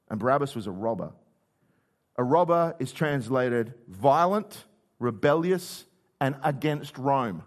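A man's voice: medium pitch, lively intonation, moderate pace. A male preacher retelling scripture in a conversational sermon, acting out the quotes. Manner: conversational storytelling, acts out quotes.

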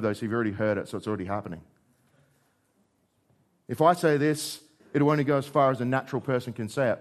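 A man preaching a sermon as pastor, moving between raised, emphatic lines and low, quiet ones.

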